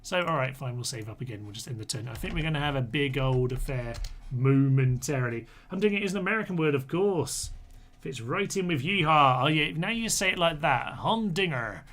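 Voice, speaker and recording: A man talks his way through a strategy game on a live stream, in a relaxed and rambling manner. His voice sits at an ordinary middle pitch. He drifts into chatty, self-mocking asides as he goes. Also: fast. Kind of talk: casual live-stream commentary.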